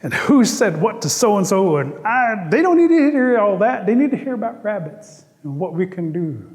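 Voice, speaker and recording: A man's voice: high voice, big pitch swings, moderate pace, pitched above the performer's own voice. Rabbit, a man doing a boastful male rabbit. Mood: indignant. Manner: indignant, whining, emphatic. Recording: long reverb.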